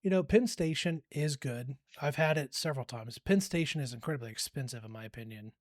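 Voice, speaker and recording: A man's voice: mid-range voice, brisk, no echo, clean studio sound. A man around forty co-hosting a podcast, rambling easily in casual chat and laughing often. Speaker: podcast co-host.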